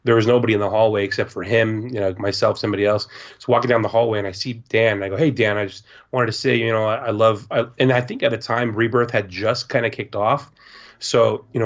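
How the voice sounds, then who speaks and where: A man's voice: on the low side, muffled recording. A man co-hosting a casual late-night podcast, telling stories with swearing and acted-out quotes. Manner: animated storyteller, swearing, acting out quotes. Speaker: podcast co-host.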